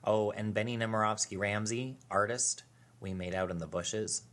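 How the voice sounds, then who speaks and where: A man narrates a short film he made, his voice sitting fairly low. He delivers the voice-over with a wry, dry humor. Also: steady tone, moderate pace, a bit bright.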